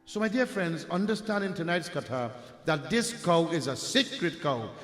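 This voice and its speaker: A man's voice: fairly high pitch, animated, normal speed, a bit bright. A man from Trinidad with a Trinidadian accent, telling a devotional story as a sermon in a rhetorical manner. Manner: rhetorical, addresses "my dear friends", asks "huh?". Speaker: Hindu preacher telling a katha. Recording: echoey hall with long reverb.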